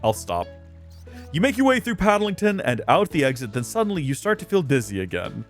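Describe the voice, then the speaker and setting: A man narrating his video game play with lots of joking exasperation and rambling asides. His voice sits fairly high and bounces around a lot in pitch, with faint game music underneath. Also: very animated, brisk. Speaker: let's play host. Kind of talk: game commentary.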